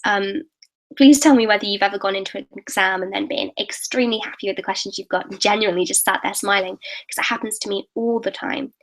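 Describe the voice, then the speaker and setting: A woman's voice: medium pitch, fairly bright tone, low-quality recording. A teenage girl from England, chatting eagerly to viewers in a live question-and-answer stream, often restarting her sentences. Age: late teens. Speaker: YouTuber hosting a live Q&A. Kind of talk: casual live-stream chat.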